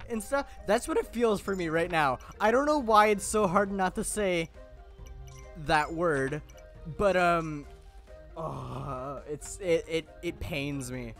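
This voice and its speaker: A man's voice: on the high side, takes it slowly, fairly bright tone, faint music behind. A young man hosting a gameplay video, rambling and mocking himself with lots of fillers. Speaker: gaming video host. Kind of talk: casual gameplay commentary.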